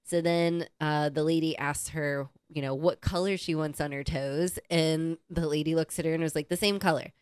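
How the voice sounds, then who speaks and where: A woman co-hosting a casual podcast, telling lively stories, acting out other people's lines and laughing often. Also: low voice, normal speed, hardly any pauses, clean tone, no echo, studio quality. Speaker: podcast co-host. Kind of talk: casual chat.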